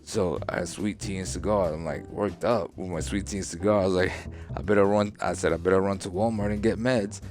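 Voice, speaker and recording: A man's voice: sits low, steady tone, a little fast, a little mellow, soft background music. A man hosting a casual podcast, telling a story at an easy pace and reading old posts aloud with a chuckle. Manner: laid-back storytelling, reading out tweets with amused laughs. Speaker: podcast host.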